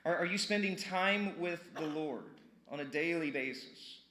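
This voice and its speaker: A man preaching a sermon in an echoey church, with a bright, forceful, fairly high voice. He talks to the congregation like he is chatting with them, firing off questions and repeating key words for emphasis. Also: measured pace. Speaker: pastor. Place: church sanctuary.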